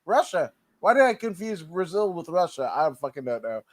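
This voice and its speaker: Male co-host, fairly high voice, dry sound, relaxed profane banter. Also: normal speed, no room sound. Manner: loose, joking, swears freely. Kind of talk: casual podcast chat.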